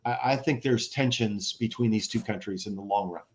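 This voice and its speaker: American man, podcast guest, animated explainer, restarts often, video-call sound. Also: on the low side, a little fast. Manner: animated, rhetorical questions, frequent restarts. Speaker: guest, former ambassador. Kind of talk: conversational expert commentary.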